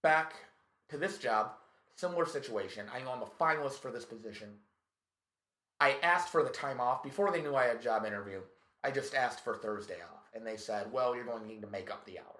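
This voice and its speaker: A male comedian telling a story in casual chat, profane and animated, acting out what people said. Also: mid-range voice, a little fast. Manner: profane, animated, tells stories with acted quotes. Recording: echoey room.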